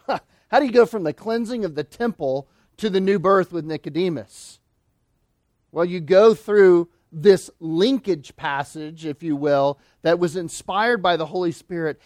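Male pastor, high-pitched voice, emphatic sermon delivery, dry close sound. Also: a little mellow, no echo. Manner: emphatic preaching, slowing and dropping low on key phrases.

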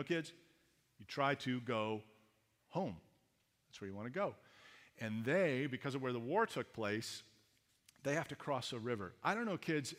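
Canadian male pastor, mid-pitched, animated storyteller who talks to the kids, echoing church hall. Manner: lively storyteller who speaks to the kids and acts out voices. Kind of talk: sermon. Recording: reverberant hall.

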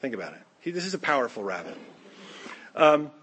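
A male pastor preaching a sermon, an animated storyteller who acts out the voices of the characters. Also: medium pitch, fairly quick, background noise.

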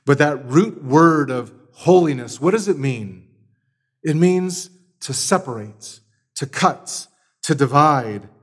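Male pastor, sermon delivery, emphatic, builds volume on repetition. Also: fairly high pitch. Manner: emphatic, builds to loud repeated words.

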